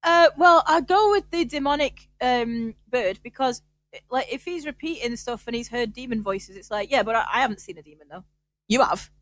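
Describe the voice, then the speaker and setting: A woman with a slightly high voice chats casually on a podcast. She rambles and argues her point with frequent laughter. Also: normal speed. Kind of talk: casual chat.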